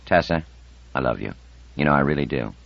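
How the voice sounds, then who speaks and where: A quiet, earnest man close to fifty, speaking low and subdued, as a man voices him in an audiobook. His voice sits very deep. The sound is dry and muffled. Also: fairly quick, no room sound. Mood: worried, tender. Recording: dull dry audiobook recording.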